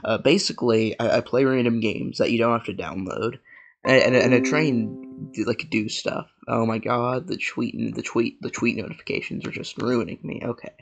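A man's voice: mid-range voice, moderate pace, gravelly, faint music behind. A man hosting a casual let's play, stammering and repeating words as he comments. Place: home desk with a noisy laptop. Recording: noisy home recording with clicks.

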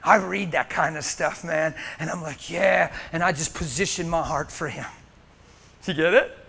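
A male preacher giving an emotional sermon to a congregation, moving between loud, urgent exhortation and hushed intensity. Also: on the high side, moderate pace, gravelly, slightly rough. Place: church meeting room before a congregation.

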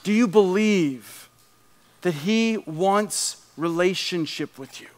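A man preaching a sermon as pastor, conversational and animated, dropping to a hushed tone in prayer. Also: high-pitched, takes it slowly. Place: church sanctuary. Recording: long hall reverb.

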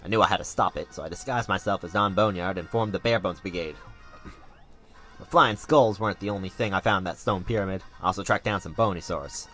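Earnest southern cowboy, homespun drawl, a bit low, as a man voices him. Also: fairly quick, sharp tone, faint music behind. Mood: folksy. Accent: Southern US drawl put on. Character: folksy middle-aged cowboy man, earnest. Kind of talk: fan voice-over of a game.

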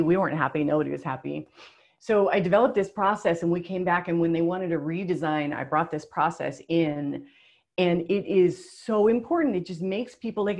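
Lady running a zoom workshop, kinda low voice, upbeat and chatty, gets a bit emotional. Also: a little mellow. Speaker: webinar presenter. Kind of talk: live online workshop, reading participant answers.

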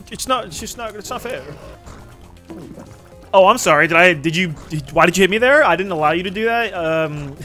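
Gaming creator, man, high bright voice, cursing and laughing through his run, faint game music underneath. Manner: swears freely, laughs often, talks to viewers. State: recently woken up. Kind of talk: casual gameplay commentary.

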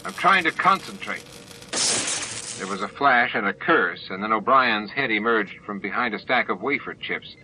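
A man narrating an amateur audiobook in steady storytelling. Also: lowish voice, normal speed, few pauses, noisy background. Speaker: audiobook reader.

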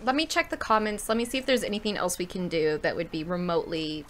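A woman's voice: fairly low pitch, fast talker, slight background noise. A woman streaming a video game, chatting emotionally to viewers and swearing a lot. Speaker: gaming streamer. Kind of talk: casual let's-play commentary. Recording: game music behind voice.

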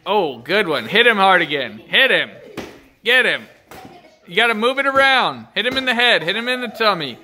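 A man's voice: sits high, sing-song, moderate pace, pushed and bright. A man filming his children at home, coaxing and cheering them on while he laughs. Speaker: father filming his kids. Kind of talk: casual home video chat. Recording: noisy home video audio.

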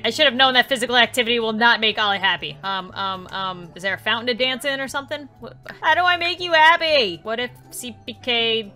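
A young woman gives casual gameplay commentary, excitable and quick to laugh as she talks to the characters on screen. Her voice is high and bright, with big swings in pitch. Soft music plays faintly behind her. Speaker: gaming channel host.

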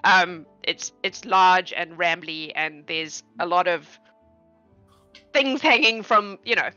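A woman's voice: lowish voice, slow, bright, forceful tone, muffled recording, soft background music. A woman running a tabletop game as game master, describing scenes in a rambling, chatty way and searching for words.

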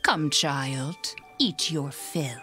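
An actress narrating a dark fairy tale in a video game, telling a bedtime story in a hushed, low voice. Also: female voice, drawn-out words, full character voice. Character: young mother telling her baby a bedtime tale. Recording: music in the background.

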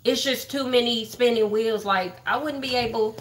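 At a moderate pace and a slightly high pitch, a Texan woman hosts a casual livestream where she bluntly and profanely gossips to her viewers about online drama.

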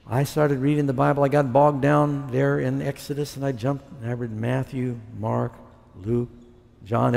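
This sermon testimony comes from a man with a creaky, dark voice of medium pitch, recorded in a large hall. He narrates his story, acting out what he used to say.

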